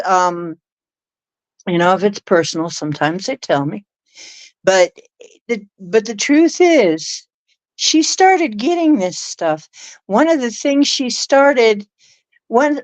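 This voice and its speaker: A woman's voice: mid-range voice, dry recording. A woman casually telling a story in a loose, rambling way, often restarting her sentences. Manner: rambling, animated retelling with many restarts. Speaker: spiritual podcast host.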